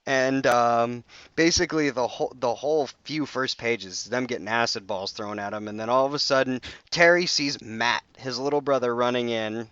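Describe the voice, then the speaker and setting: A young man talks through comic plots in a loose, rambling podcast chat. His voice is smooth and clear, but the sound is muffled and dry, close on a home mic. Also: mid-range voice, normal speed, a bit bright, dry recording. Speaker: podcast co-host. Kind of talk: casual comic recap chat.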